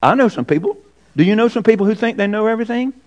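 Animated man preaching a sermon. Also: high-pitched, very fast. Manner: animated, rhetorical questions, emphatic repetition.

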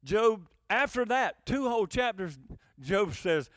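A man preaching a sermon, animated, moving between loud emphatic bursts and low quiet asides. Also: a little slow.

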